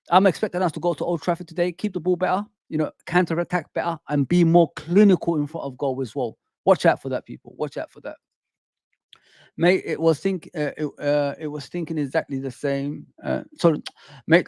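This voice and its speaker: A man hosting a football fan live stream, chatting casually with his viewers and reading out their comments, slangy and repetitive, with frequent shout-outs. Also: a little high, steady tone, normal speed, dry recording, studio quality. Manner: repeats phrases and restarts often. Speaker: football fan channel host.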